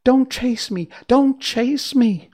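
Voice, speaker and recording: A man voicing a small, timid china princess with a high, fearful, fragile voice. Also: lively intonation, measured pace, gravelly, a little mellow, full character voice. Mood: frightened.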